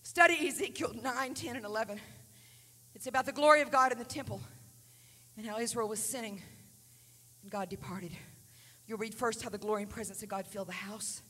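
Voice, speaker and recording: A woman preacher giving a Pentecostal sermon in a church, dropping to hushed whispers while telling a story and rising to loud shouts as she preaches. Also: on the high side, fairly quick, breathy edge. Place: church sanctuary. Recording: live sermon in a reverberant hall, faint hum.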